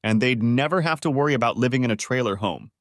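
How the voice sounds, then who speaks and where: A man's voice: medium pitch, expressive, quick pace, no echo, clean studio sound, close to an everyday voice. A man voicing a desperate young mother who pleads tearfully with her husband, in an audiobook. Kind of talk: audiobook character voice.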